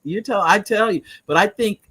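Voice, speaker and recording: An older woman hosting a talk show, telling stories in animated casual chat and laughing often. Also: mid-range voice, normal speed, breathy edge.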